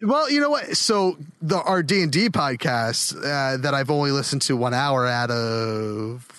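A man hosting a podcast, telling rambling, animated stories in casual chat. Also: mid-range voice, unhurried, smooth. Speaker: podcast host.

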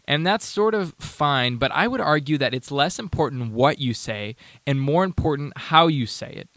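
A man with a voice on the high side and a fairly bright tone hosts a casual podcast at a moderate pace. His intonation is lively, and his commentary is sarcastic and rambling with many restarts. There's no echo.

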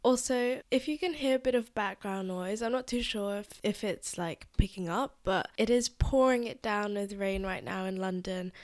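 A woman's voice: mid-range voice, moderate pace, hardly any pauses, darkish tone. A woman hosting a solo podcast in a casual, chatty way, sounding congested and nasal, with lots of "like" fillers. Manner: chatty, uses filler "like" often. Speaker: podcast host.

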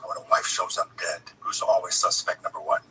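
A man's voice: brisk, pushed and bright, recorded from a distance, slight background noise, close to an everyday voice, poor audio. An actor playing a male character in a crime drama, delivering lines in a dry, matter-of-fact way.

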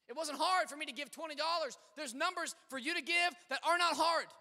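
A man preaching in a church sanctuary, his voice pitched very high and strikingly bright. He tells stories with lively swings from shouted exclamations to hushed asides, and a long reverb hangs behind every phrase. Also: fairly quick, few pauses. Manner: storytelling, animated, swings between shouting and quiet asides. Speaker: pastor. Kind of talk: sermon.

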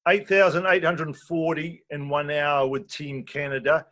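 A man's voice: a little high, unhurried, bright, forceful tone. Man hosting an interview. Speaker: interview host. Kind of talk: casual interview talk.

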